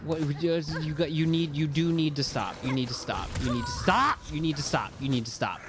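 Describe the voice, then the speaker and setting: Excitable man swearing at a game. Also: fairly high pitch, normal speed, background noise. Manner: excitable, rambling, swears and yells at enemies. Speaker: game streamer. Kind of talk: casual live gameplay commentary. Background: game music.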